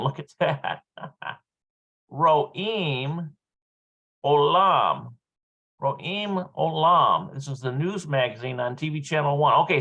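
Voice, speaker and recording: A man's voice: on the high side, fairly bright tone. A man working through a Hebrew vocabulary lesson aloud, thinking as he goes and checking his pronunciation.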